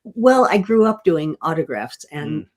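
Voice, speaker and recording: An older actress telling stories in an interview, gentle and self-deprecating, often restarting and laughing softly. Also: female voice, low-pitched, sing-song, a little slow. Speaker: guest actress. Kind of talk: casual interview storytelling.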